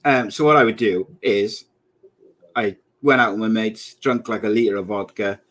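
A man's voice: lowish voice, steady tone, moderate pace, a bit bright. A man in his late thirties co-hosting a podcast in casual chat, joking around and laughing often. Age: 30s. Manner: laughs often, jokey banter. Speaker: podcast co-host.

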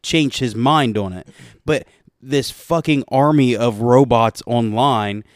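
A man in a casual, profane chat, arguing with indignant emphasis. His voice sits at a middle pitch. The recording is dry and close to the mic. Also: slow pace, no echo. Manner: emphatic, indignant, swears often.

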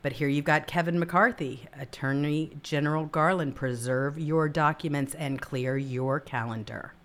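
A woman with a notably low speaking voice hosts a political talk show. She talks emphatically, dropping into quiet, low murmurs and then leaping up into bright exclamations. Her chat stays casual and animated. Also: measured pace.

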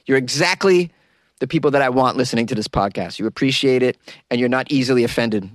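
A man's voice: mid-range voice, quick pace, no echo. A man hosting a podcast from a small closet studio, chatting casually in a joking, rambling way. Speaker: podcast host. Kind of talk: casual chat.

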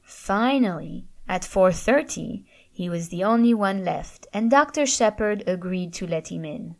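A woman reading a story aloud as an audiobook narrator, in a steady, even storytelling manner. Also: on the low side, a little slow, gravelly, few pauses.

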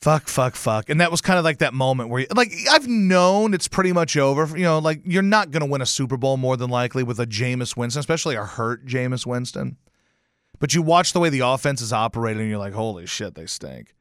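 A man hosting a sports talk show, ranting and telling stories in a profane, animated way with sudden loud outbursts. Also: medium pitch, fast talker, clean tone, no room sound, studio quality. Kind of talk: casual sports rant.

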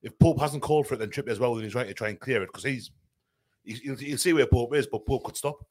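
Fast-talking man arguing football. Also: medium pitch, darkish tone. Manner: argumentative, talks through the logic step by step. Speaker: podcast panelist. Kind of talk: casual football chat.

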